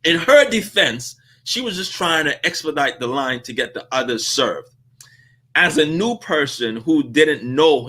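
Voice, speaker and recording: A man hosting a casual commentary, telling stories in an animated way and laughing often. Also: medium pitch. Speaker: host.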